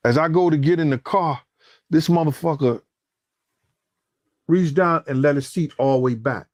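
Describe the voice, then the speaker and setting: A man's voice: fairly high pitch, moderate pace, pauses often, dry recording. A man telling a story in casual, profane speech, acting out the quoted voices and raising his voice as it gets tense. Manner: acts out quoted lines, cursing, rising to shouts when excited. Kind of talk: animated storytelling.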